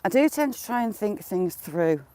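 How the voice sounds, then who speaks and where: A woman's voice: mid-range voice, very animated, normal speed, dark tone. A middle-aged woman chatting casually to her live viewers while walking her dog outdoors, often breaking into giggles. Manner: giggly, keeps breaking into laughter.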